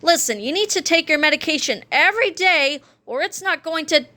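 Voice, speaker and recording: An offhand young man of twenty-three, half-listening from behind his phone, played by a woman reading aloud. His voice runs high and bright. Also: animated, brisk. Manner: offhand, then screaming.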